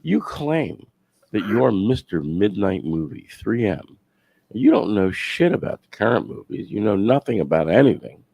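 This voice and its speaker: A man's voice: lowish voice, big pitch swings, moderate pace, vocal fry, warm tone, slightly rough, no echo. A man on a call-in show, heckling and insulting the hosts. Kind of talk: heated call-in banter.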